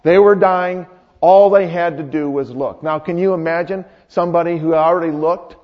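A male pastor with a high voice preaches casually and keeps asking his congregation questions. His voice rings through a long hall, and the recording sounds dull and lo-fi. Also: steady tone, normal speed. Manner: conversational, quizzes the congregation. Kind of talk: sermon.

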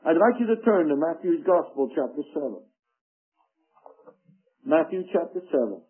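A man preaching a sermon, slow and emphatic, reading scripture aloud. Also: on the high side, very animated. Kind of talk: radio sermon. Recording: tinny phone-like radio broadcast.

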